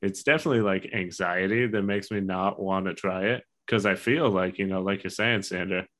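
A man's voice: low-pitched, fairly even intonation, fairly quick, a bit bright. A man in his thirties co-hosting a casual podcast chat, talking in a loose, profane way and laughing as he tells stories. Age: 30s. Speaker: podcast co-host.

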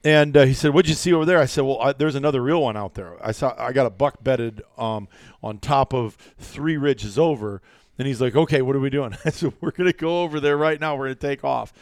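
Speaking a little fast in a mid-range voice, a man co-hosts a casual hunting podcast, telling lively stories and acting out others' words. The audio is studio quality with no echo.

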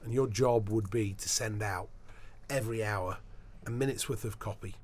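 A man with a fairly low voice is interviewed as a sports broadcaster in a casual chat. Speaking at a moderate pace, he tells animated anecdotes and often restarts his sentences.

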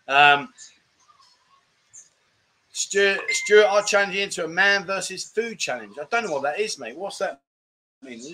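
A man's voice: a little high, pushed and bright, a little hiss or hum. A middle-aged British man hosting a casual live-stream chat show, reading viewer comments in a jokey, rambling way and calling people mate.

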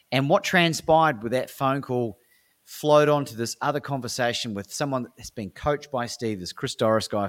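Energetic Australian man telling stories. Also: mid-range voice. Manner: energetic, acts out dialogue, frequent restarts. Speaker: guest, speaker and coach. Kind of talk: animated interview storytelling.

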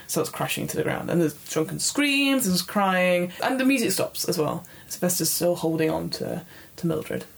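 A woman's voice: on the low side, animated, moderate pace, vocal fry. A young woman narrating as game master in a chatty, swearing, laughing way.

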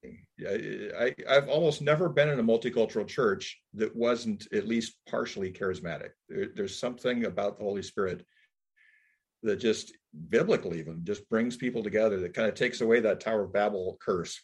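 Brief: male interviewer, low husky voice, reflective, thinks aloud. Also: fairly quick.

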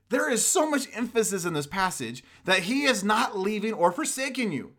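A man preaching a sermon, telling stories in an animated way and driving points home with emphatic repetition. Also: high voice, normal speed. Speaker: pastor.

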